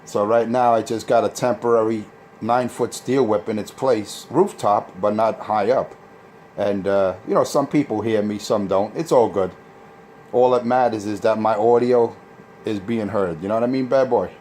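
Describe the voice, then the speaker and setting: A man's voice: lowish voice, normal speed, darkish tone. A man on CB radio, boasting and trash-talking rivals in a repetitive on-air rant. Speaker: CB radio operator. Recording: CB radio transmission with faint noise.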